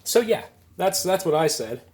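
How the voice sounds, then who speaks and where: A young man in his twenties tells a gaming story in a loose, rambling way, amused at himself and full of fillers. His voice sits slightly high. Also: very animated, normal speed, a little mellow. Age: 20s. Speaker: gaming video creator. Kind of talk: casual storytelling to camera.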